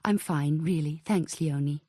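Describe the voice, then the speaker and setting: A woman's voice: low voice, measured pace, husky, dry recording, studio quality. A woman reading a terse, shaken woman detective. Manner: terse, flat replies.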